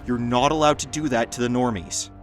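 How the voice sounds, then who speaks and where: A man voicing a calm girlfriend, scolding softly in a read-aloud story. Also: mid-range voice, brisk, distant mic, faint music behind, close to an everyday voice. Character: calm woman, teasing girlfriend.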